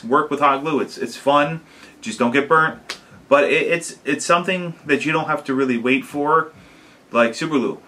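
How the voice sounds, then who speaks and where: A man casually talking to his camera about a home-made prop, unhurried, with lots of fillers and restarts. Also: medium pitch, bright, forceful tone. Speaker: DIY maker vlogger. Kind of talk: casual explanatory vlog. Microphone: camera mic.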